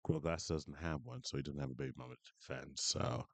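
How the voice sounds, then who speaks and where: A man in full angry commentary mode, berating and swearing with open disbelief. His lowish voice swings widely up and down as he rants. The sound is close and dry, with no room around it. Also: very animated, quick pace, gravelly, no room sound. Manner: profane, berating, incredulous ranting. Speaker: commentary streamer.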